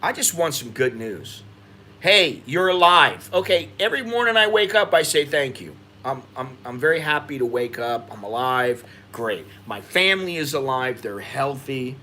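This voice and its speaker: American man, livestream host, bright forceful voice, frustrated venting, faint background noise. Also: expressive, normal speed, hardly any pauses. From United States. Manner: frustrated venting, rising in pitch when agitated. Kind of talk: casual livestream commentary.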